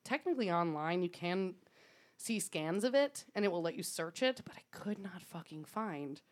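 Telling a story as a podcast co-host, a woman speaks at a moderate pace in a fairly low voice with lively intonation. Her delivery is casual and chatty, full of laughs, swearing and fillers.

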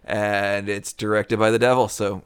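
A man's voice: fairly low pitch, level tone, moderate pace, clear, resonant tone, dry recording, clean studio sound. A man co-hosting a podcast in casual chat, wry and joking with mock-dramatic asides. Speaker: podcast co-host.

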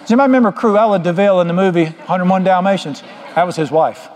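A man's voice: high-pitched, fast, darkish tone. A middle-aged man preaching a sermon, folksy and joking as he tells stories. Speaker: pastor. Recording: long hall reverb.

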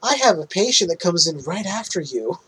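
A man's voice: high voice, big pitch swings, brisk, bright, forceful tone, slightly rough, exaggerated voice, poor audio. A man voicing a flippant woman therapist who brushes everything off in a breezy, raised voice.

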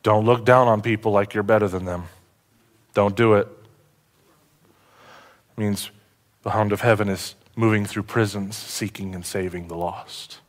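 A man preaching a sermon as a pastor. He asks the congregation questions and swings from loud, excited points to hushed, earnest ones. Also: fairly low pitch, unhurried, long pauses.

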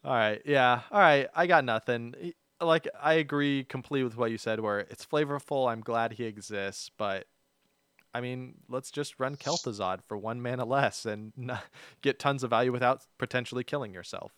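A man's voice: mid-range voice, moderate pace, fairly bright tone, smooth, dry recording. A man hosting a podcast in upbeat, chatty casual talk, laughing easily. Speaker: podcast host. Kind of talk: casual chat.

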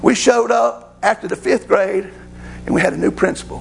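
A middle-aged man preaching a sermon, telling folksy, animated stories about growing up. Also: high voice, normal speed, vocal fry, slight background noise. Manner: folksy, animated storytelling with laughs. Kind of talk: storytelling sermon.

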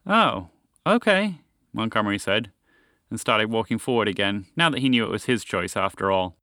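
A man hosting a story podcast, reading scripted storytelling narration in a friendly, expressive way. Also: lowish voice, fairly quick, no room sound, clean studio sound.

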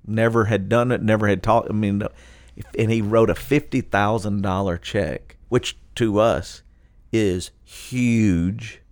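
Pastor guy, lowish voice, dry close sound, tells stories w lots of laughs. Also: slow, dry recording. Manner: animated, laughs often, acts out quotes. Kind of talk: casual podcast storytelling.

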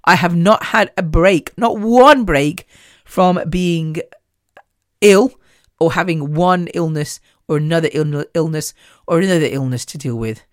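A woman's voice: fairly low pitch, measured pace, no echo, studio quality. A woman hosting her own podcast, talking candidly and chattily, swearing freely and restarting often. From Indian heritage. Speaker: podcast host. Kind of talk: casual solo podcast chat.

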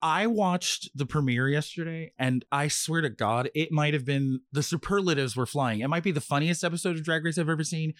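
A man co-hosting a podcast, chatting casually in a campy, animated way and laughing often. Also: a little high, no room sound, studio quality. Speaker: podcast co-host. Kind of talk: casual chat.

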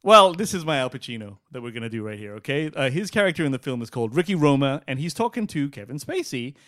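A man co-hosting a comedy podcast, excitable and profane, often laughing. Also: mid-range voice, quick pace, no room sound, studio quality. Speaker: podcast co-host. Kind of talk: casual comedy banter.

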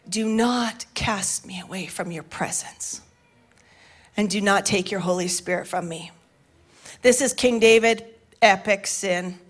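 A middle-aged woman pastor preaching a sermon in a church, passionate and building to shouts at the big moments. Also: on the high side. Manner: passionate, rising to shouts at climaxes. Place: church sanctuary with balcony.

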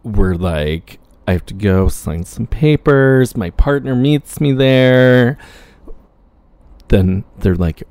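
A man telling a casual personal story, acting out the back-and-forth of the people in it with lively reactions. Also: medium pitch, takes it slowly, no room sound. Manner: animated, acts out quoted exchanges.

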